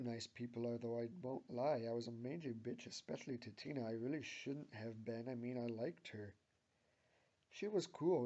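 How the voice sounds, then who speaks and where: A man's voice: medium pitch, warm tone, natural voice. A man reading the lines of an abrasive, cynical young woman who swears and grumbles, on a dull lo-fi recording.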